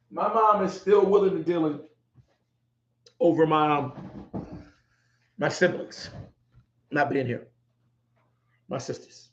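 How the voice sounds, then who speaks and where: A middle-aged man hosting a podcast, talking heartfelt and emotional, repeating himself for emphasis. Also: fairly high pitch. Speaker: podcast host. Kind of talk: heartfelt livestream talk. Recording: echoey room, dull lo-fi sound.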